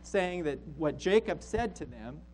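A man's voice: on the high side, animated, unhurried, darkish tone, slight background noise, rough recording. A man preaching a sermon as a pastor, emphatic and repeating key phrases for stress.

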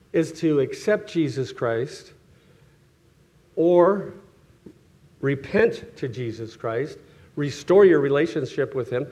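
A middle-aged man preaching a sermon in a loose, conversational way. He often restarts his sentences, laughs softly and acts out the people in his stories. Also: on the high side, highs cut off. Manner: conversational, self-correcting, chuckles often, acts out quoted voices.

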